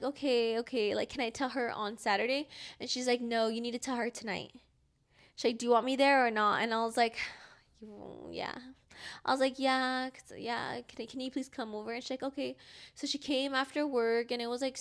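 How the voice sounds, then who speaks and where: A woman's voice: a little high, a bit bright. A young woman co-hosting a podcast, telling a personal story casually and full of "like", acting out the dialogue. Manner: rambling, heavy use of "like", acts out quoted dialogue. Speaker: podcast co-host.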